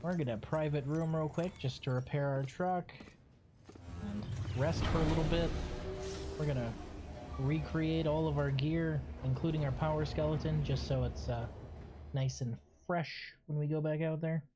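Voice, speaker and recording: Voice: medium pitch, moderate pace, over music. A streamer giving casual, joking commentary while playing, chatting along and talking to a pet.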